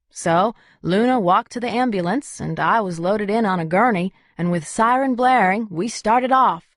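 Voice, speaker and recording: A woman's voice: mid-range voice, no echo, studio quality. A woman narrating a first-person audiobook in a wry, conversational way.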